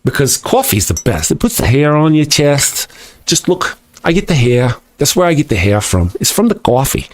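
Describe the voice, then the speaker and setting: Livestream host, male, mid pitch, dry sound; wry, rambling, sarcastic banter with chat. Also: huge pitch swings, moderate pace, no room sound. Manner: joking, sarcastic, rambling asides.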